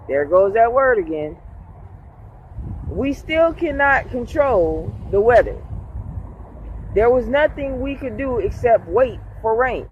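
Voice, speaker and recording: A man's voice: high voice, lo-fi sound, slight background noise. A man leading a casual Bible lesson, reading a passage aloud and then explaining it in everyday words, checking in with his listeners as he goes. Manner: conversational, checks in with "okay?". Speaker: Bible study teacher.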